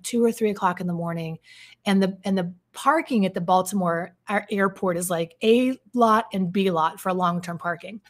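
A woman, a relationship coach, telling a personal story to her viewers in a casual, vivid way, with plenty of fillers and some swearing. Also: lowish voice. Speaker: codependency coach.

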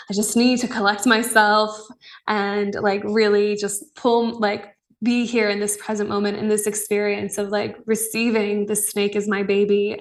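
A young woman hosting a podcast, talking in an earnest, raw and excitable way about her spiritual life, often breaking into laughs. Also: mid-range voice, distant mic. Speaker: podcast host. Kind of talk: casual spiritual monologue.

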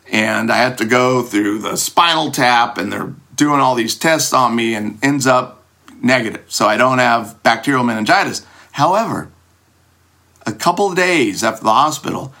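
Man, bright tone, mid pitch, self-deprecating storyteller, acts out quotes in high voices. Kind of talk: personal anecdote told to an audience.

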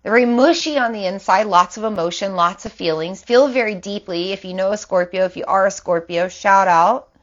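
A woman's voice: medium pitch, fairly quick, hardly any pauses. A woman in her thirties hosting an astrology livestream, talking casually and loosely, often tagging "right?" onto her sentences. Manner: chatty, loose, lots of "like" and "right?". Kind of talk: casual spiritual talk on a livestream. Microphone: phone or laptop mic. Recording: slightly dull livestream audio.

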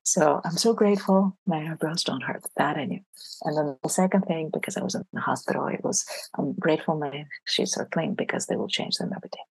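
A woman speaks as an interview guest, sharing her story earnestly and at times sinking into a near-whisper. Her voice sits low and gravelly, with a deeply husky, breathy edge. The recording is dry and close. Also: fairly quick, no room sound, low-quality recording. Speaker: interview guest, leadership coach. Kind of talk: casual interview conversation.

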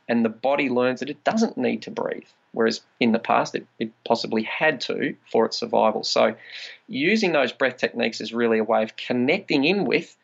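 A man's voice: mid-range voice, fairly quick, gravelly, slightly rough, muffled recording. A man, a trauma release practitioner, explaining body practices in a conversational podcast interview and acting out quoted inner voices.

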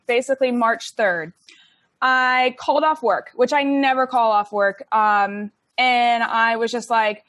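A woman's voice: fairly high pitch, fairly bright tone, no room sound. A young woman telling her story in a chatty, casual way, with many likes and ums and laughs between phrases. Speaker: interview guest.

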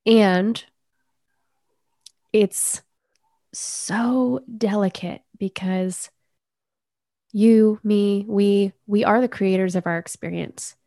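A woman coach speaking as a podcast guest, earnest and measured as she talks about inner healing. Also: mid-range voice, fairly even intonation, dark tone, no echo, studio quality. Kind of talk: reflective conversational interview.

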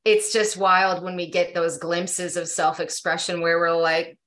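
A woman guest on a podcast, candidly telling a personal story in a lively, casual way. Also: fairly low pitch, a little slow. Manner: animated, candid, many "like" fillers. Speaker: podcast guest, yoga teacher.

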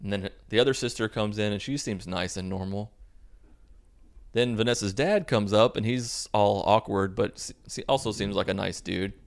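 A man's voice: on the low side, moderate pace, vocal fry. A young man hosting a podcast, recapping a movie in a sarcastic, profane, comic way. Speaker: podcast host.

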